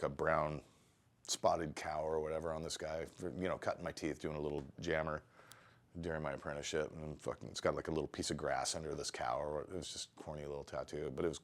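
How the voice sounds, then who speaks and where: Being interviewed, a tattoo artist with a very deep voice delivers loose, rambling anecdotes from his years in the trade, swearing nonstop in a relaxed, offhand way at a brisk clip. He gets animated acting out what people said, then eases back into a low, easygoing tone.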